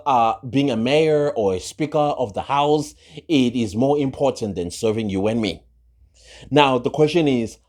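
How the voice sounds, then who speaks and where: A man's voice: medium pitch, darkish tone. A man giving opinionated gossip commentary, sarcastic and full of rhetorical questions. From South Africa. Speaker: social commentary vlogger.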